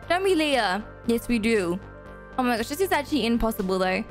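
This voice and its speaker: A young woman giving excitable, self-deprecating gameplay commentary as host of a gaming channel, gasping often. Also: a little high, a little fast, faint music behind.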